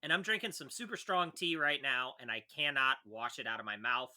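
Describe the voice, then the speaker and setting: A man co-hosting a podcast, giving blunt, deadpan verdicts on snacks in casual chat. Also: mid-range voice, fairly quick. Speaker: podcast co-host.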